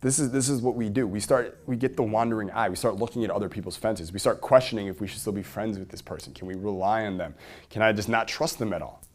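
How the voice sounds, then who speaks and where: A man giving an energetic seminar talk to a live audience, firing rhetorical questions and swinging between loud emphasis and quiet asides. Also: fairly low pitch, fast talker.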